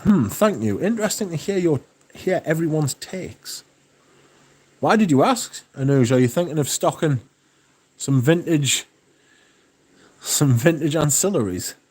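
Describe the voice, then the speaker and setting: A man hosting a livestream, chatting casually and reading out viewer comments, relaxed and enthusiastic with plenty of swearing. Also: fairly high pitch, unhurried, pauses often, breathy edge. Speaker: livestream host.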